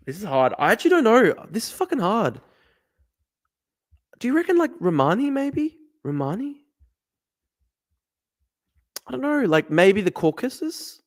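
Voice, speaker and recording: A man streaming a guessing game, thinking aloud, swearing and getting excited. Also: high-pitched. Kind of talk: live-stream commentary while playing a guessing game.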